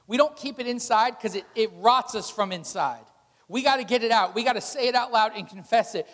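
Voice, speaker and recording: A man's voice: sits high, fairly bright tone, long reverb tail. A male pastor preaching a sermon, emphatic and exhorting, posing rhetorical questions.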